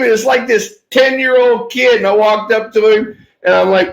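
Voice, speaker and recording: A man's voice: sits high, moderate pace. A man, a former ballplayer co-hosting a casual sports chat and telling laid-back, salty anecdotes. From Louisiana. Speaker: co-host, former baseball player.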